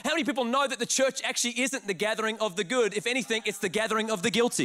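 A man with an Australian accent preaching a sermon, telling a funny personal story with quick laughs and acted-out quotes. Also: sits high, some chatter behind, slight background noise. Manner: animated, laughing, restarts words, acts out quotes. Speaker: pastor.

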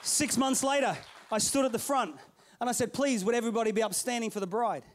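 A middle-aged male pastor telling a story in a sermon, playful and animated, calling out to his congregation. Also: very high-pitched, fast talker, some chatter behind.

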